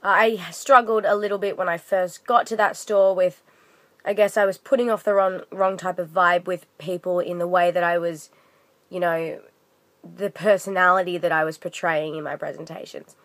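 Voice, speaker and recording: A woman's voice: fairly low pitch, fairly even intonation, normal speed, fairly bright tone, no room sound. Young woman ranting to camera, chatty and rambling, dry close sound. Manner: chatty, rambling, many fillers and restarts. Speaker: vlogger. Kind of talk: casual storytelling rant.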